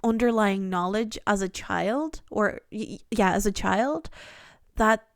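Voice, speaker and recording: Woman tarot reader, earnest and rambling, mid pitch, crisp dry sound. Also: a little slow, dry recording. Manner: earnest, rambling, full of fillers and restarts. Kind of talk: pick-a-card tarot reading.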